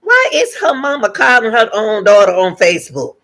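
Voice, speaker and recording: A woman's voice: medium pitch, wildly swooping pitch, moderate pace, few pauses, fairly bright tone. A woman hosting a reaction channel, giving emphatic commentary and repeating her points to her viewers.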